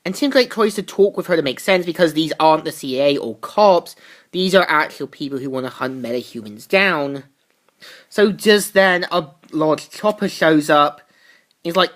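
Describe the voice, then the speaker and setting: A woman's voice: deep voice, lively intonation, moderate pace. A woman reviewing a comic book, recapping the plot casually with asides.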